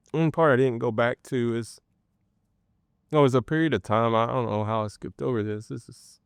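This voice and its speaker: A man telling his personal faith testimony in an interview, earnest and halting, with many pauses and restarts. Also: medium pitch, smooth, dry recording, studio quality. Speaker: guest sharing a personal testimony.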